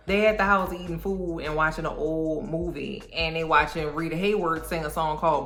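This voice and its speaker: A woman recapping a TV episode in a casual, animated, sassy way, full of slang. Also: sits low, a little fast, few pauses. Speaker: TV recap vlogger. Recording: roomy room with faint music.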